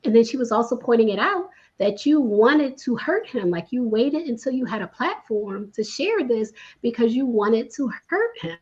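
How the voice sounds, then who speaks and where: A woman's voice: a little high, big pitch swings, moderate pace, few pauses, a little mellow, slightly rough, muffled recording. A woman guest in a casual recap chat, talking emphatically and repeating her points. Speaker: guest commentator.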